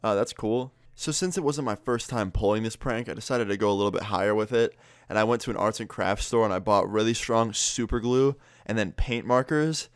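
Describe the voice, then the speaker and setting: Young guy w a lowish voice, chill prank storytime vlog, cusses a lot, dry close sound. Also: clean tone, no echo. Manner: laid-back, swears freely, laughs mid-sentence. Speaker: YouTuber.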